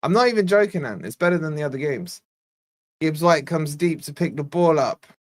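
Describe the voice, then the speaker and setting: A young man from Scotland hosting a live fan watch-along, giving exasperated, chatty play-by-play and reading out viewer shout-outs. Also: on the high side, animated, fairly quick. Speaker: fan channel host.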